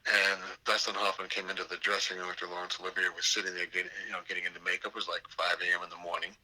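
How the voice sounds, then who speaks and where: An older man telling theater anecdotes in an interview. His voice sits low but comes across bright and forceful as he gets animated. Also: very fast, poor audio. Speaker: theater professor. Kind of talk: storytelling interview over a call.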